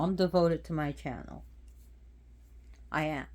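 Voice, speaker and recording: A woman with a deep, darkish voice hosts her own channel, speaking a little slowly with long pauses. She gives a casual, rambling talk about a goddess, often repeating and restarting phrases.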